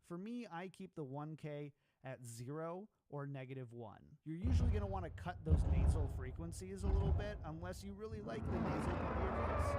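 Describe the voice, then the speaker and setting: A man walks a live-stream audience through audio settings in a methodical, step-by-step way. His voice sits a bit higher than most men's. A loud, steady hiss of noise runs under every word. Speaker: streamer explaining audio setup. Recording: heavy background noise.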